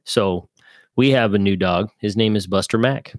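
A man's voice: on the low side, moderate pace, no room sound, studio quality. A man co-hosting a podcast in casual chat, a joking storyteller who acts out the voices in his anecdotes. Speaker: podcast co-host.

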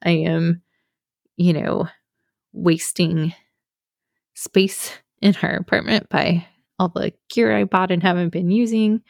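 A young adult woman talks openly about her own struggles in a solo podcast, rambling a little with fillers. Her voice has a frequent gravelly fry. She sits close to the mic in a dry, dead room. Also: lowish voice, fairly even intonation, takes it slowly, pauses often, no echo. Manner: candid, confessional, many fillers. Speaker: podcast host. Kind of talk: personal solo podcast talk.

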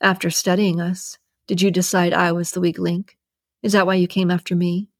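A woman's voice: lowish voice, flat delivery, moderate pace, no echo, studio quality. A woman reading the lines of an angry male analyst in an audiobook, in a sarcastic, accusing tone. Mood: hurt.

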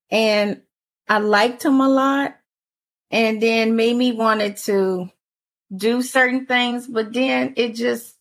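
A woman in her forties telling stories in a casual chat, animated and often laughing. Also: a little high, gravelly. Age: 40s. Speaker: panelist.

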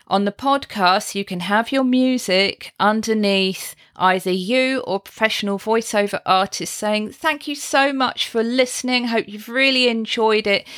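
A woman's voice: mid-range voice, fairly bright tone. A British woman from the UK hosting her podcast, giving chatty, encouraging branding tips. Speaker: podcast host and branding coach. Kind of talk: relaxed solo podcast teaching.

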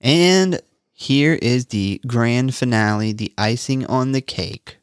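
A man's voice: medium pitch, takes it slowly, clean tone, no echo, studio quality. A man co-hosting a casual podcast, recapping a movie and reading trivia in a laid-back way with frequent laughs. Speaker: podcast co-host.

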